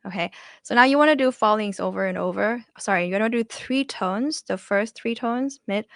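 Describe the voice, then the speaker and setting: A woman's voice: mid-range voice, normal speed, creaky, a bit bright, dry recording, studio quality. A young woman with a Thai accent teaching language tones in a chatty, casual way, often voicing example syllables. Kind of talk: casual online lesson.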